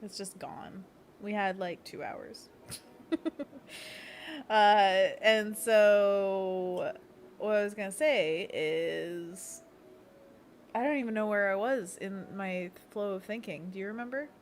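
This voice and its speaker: A woman's voice: mid-range voice, slow, pauses often, slight background noise. Playful giggly woman hosting a livestream. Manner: playful, giggly, leads stretches with silly monkey noises. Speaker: livestream host. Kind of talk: casual livestream chat.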